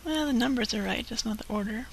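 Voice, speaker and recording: A woman's voice: on the high side, quick pace, vocal fry, husky. A woman co-hosting a live show, chatting casually in a giggly, easygoing way. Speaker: co-host. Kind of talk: casual chat.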